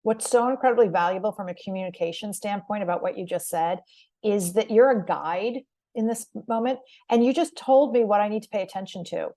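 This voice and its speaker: Brief: woman host and coach, measured and conversational, medium pitch. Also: dark tone. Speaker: podcast host and communication coach. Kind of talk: conversational interview.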